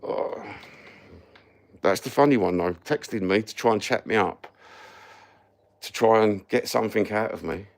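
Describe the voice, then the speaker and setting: A man's voice: lowish voice, moderate pace, vocal fry, pauses often. A Cockney man ranting sarcastically and swearing constantly as he chats on a live stream. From London. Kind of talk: casual live-stream rant.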